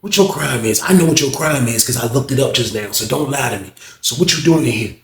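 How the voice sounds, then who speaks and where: A stern male prison officer, put on by a man retelling a story, lectures in a low, hushed voice. His words drag out with quiet authority. The room around him rings with echo. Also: lively intonation, fast talker, close to an everyday voice. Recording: roomy echo.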